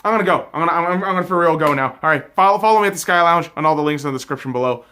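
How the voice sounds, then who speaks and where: A young man hosting his own hockey review, ranting with lots of swearing and swinging between shouted outbursts and low muttering. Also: rapid-fire, clear, resonant tone. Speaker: sports video host. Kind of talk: angry solo hockey game review.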